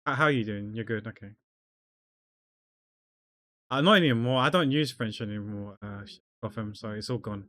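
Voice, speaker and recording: A man's voice: fairly low pitch, moderate pace, pauses often, a bit bright, no echo. A man chatting casually with his viewers while drawing on a livestream, rambling and joking. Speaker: art streamer.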